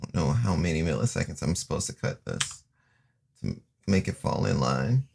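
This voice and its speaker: A man's voice: a bass voice, big pitch swings, normal speed, gravelly, darkish tone, husky. A man streaming live while recording a song, chatting casually in a rambling, self-deprecating way that often trails off mid-sentence.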